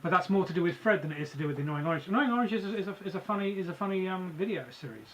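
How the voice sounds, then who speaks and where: Hesitant high-voiced male co-host. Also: animated, racing, fairly bright tone. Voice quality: hesitant, repeats words. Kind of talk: casual studio review chat.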